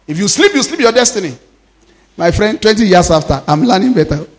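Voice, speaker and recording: A Nigerian pastor in his fifties delivers a lively sermon, slipping Yoruba phrases into his English. His voice sits high and leaps up and down, and he acts out the people in his stories. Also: fairly quick. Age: 50s. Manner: animated storytelling, laughing often, acting out quoted speech.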